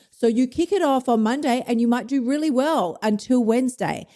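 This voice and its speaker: A woman's voice: mid-range voice, a little mellow. A woman in her thirties hosting a weight loss talk, blunt and emphatic, swearing freely as she gives a casual motivational monologue. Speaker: host of a weight loss show.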